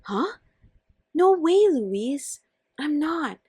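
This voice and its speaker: A woman's voice: on the high side, expressive, a little slow, husky, no echo. A woman voicing a remorseful wife in a scripted text-story reading, pleading and apologetic.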